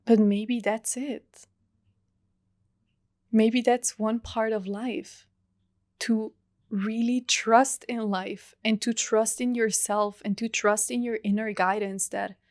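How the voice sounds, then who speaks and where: A young woman hosting a reflective solo podcast, talking softly and earnestly with long pauses. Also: on the high side, steady tone, no echo, studio quality. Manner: soft, earnest, heartfelt, with drawn-out pauses. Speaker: podcast host.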